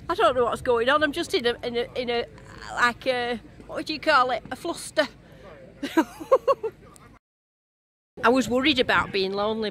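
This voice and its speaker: A woman from England vlogs her metal detecting outdoors at a field rally, with some scenes driving in a car. Talking casually to a handheld camera, she's bubbly, giggly and gushing, her voice on the high side and fairly bright.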